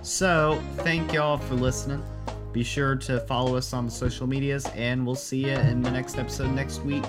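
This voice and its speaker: A man's voice: medium pitch, fairly even intonation, normal speed, loud music behind the voice. A man hosting a casual podcast, quizzing his co-host with dry, teasing jokes.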